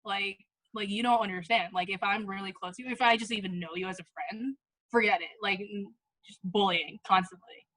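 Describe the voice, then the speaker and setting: A woman's voice: medium pitch, steady tone, fairly quick, fairly bright tone. A woman in her twenties hosting a podcast, chatting casually, laughing often and swearing freely. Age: 20s. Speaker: podcast host. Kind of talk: casual chat.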